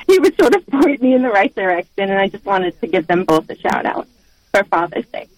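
A woman's voice: mid-range voice, big pitch swings, brisk, dry recording, rough recording. A woman calling in to a radio show, speaking hesitantly with many fillers. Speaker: caller. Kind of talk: call-in radio chat.

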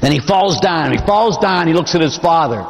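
A priest delivers an impassioned sermon in a big church whose long reverb trails after every phrase. His fairly high voice rises and falls in wide, lively sweeps. He leans hard into emphasis and then drops suddenly to a hush. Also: moderate pace, vocal fry. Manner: dramatic, impassioned preaching with sudden swells to shouting and drops to near-whisper. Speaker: Catholic priest.

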